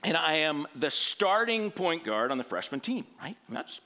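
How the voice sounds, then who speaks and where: Lively bright-voiced man telling a story. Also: fairly high pitch, moderate pace. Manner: rambling, conversational, tags lines with "right?". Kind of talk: personal storytelling sermon.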